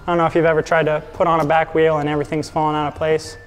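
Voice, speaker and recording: Man doing a jokey fake-Irish builder, high voice, reverberant room, faint music behind. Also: little pitch movement, racing, close to an everyday voice. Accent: put-on Irish. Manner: playful, jokey sales patter. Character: hammy bearded Irishman, cheerful shop builder.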